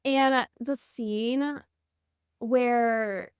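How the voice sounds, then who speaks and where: A woman's voice: on the high side, fairly even intonation, very slow, clear, resonant tone, no echo, clean studio sound. A young woman co-hosting a podcast, gushing enthusiastically as she retells favorite book scenes. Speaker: podcast co-host. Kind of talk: casual book review chat.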